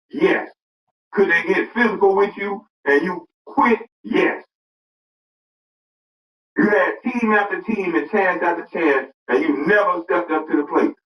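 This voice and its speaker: A man tears into someone in a furious, mocking rant, hammering the same insults again and again. His voice sits a bit high and arrives from a distance, in a roomy space with a dull, muffled tone. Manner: angry, mocking, repetitive insults. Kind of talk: heated rant.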